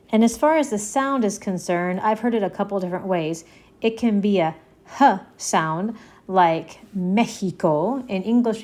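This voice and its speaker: A woman's voice: mid-range voice, a little mellow. A woman teaching a language lesson, leading the listener through letters to repeat after her, patient and encouraging, often checking in. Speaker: Spanish teacher.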